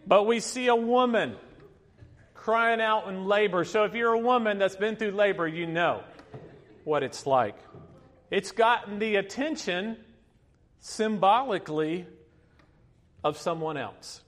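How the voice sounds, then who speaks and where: A man in his fifties preaches from the front of a church, drifting into a personal story with plenty of fillers and little laughs along the way. His voice sits a touch high for a man. Behind him the sound rings out in a long hall reverb. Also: expressive, unhurried, pauses often, a bit bright. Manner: storytelling, chatty with many fillers, laughing asides. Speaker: pastor.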